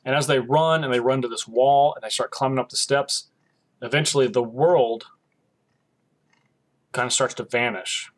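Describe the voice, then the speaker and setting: A man's voice: medium pitch, moderate pace, pauses often. A man co-hosting a podcast, retelling an episode's plot in casual chat and acting out the characters' lines. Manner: animated storytelling, acting out quoted lines. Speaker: podcast co-host.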